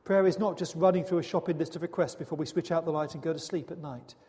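A man's voice: a little high, fairly even intonation, quick pace, dark tone. A man preaching a sermon in an earnest, dramatic way, full of rhetorical questions. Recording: long hall reverb.

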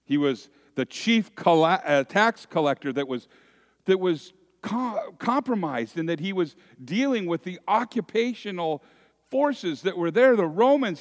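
Slow-preaching man in a reverberant church. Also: fairly high pitch. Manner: slow, dramatic storytelling that swings from loud to hushed. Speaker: pastor. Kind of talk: sermon. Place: church sanctuary. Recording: long reverb of a church hall.

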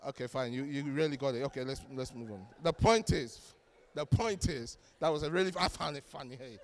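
A man preaching a sermon as pastor, animated and joking, acting out the voices of the people he quotes. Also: medium pitch, fairly quick, big-room sound. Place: church.

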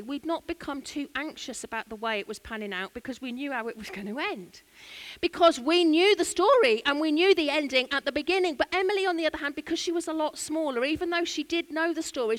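An English woman preaches in a church with a bright, high voice. She tells a family story in a chatty, conversational way. She often turns aside to speak to the congregation. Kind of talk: sermon with personal story.

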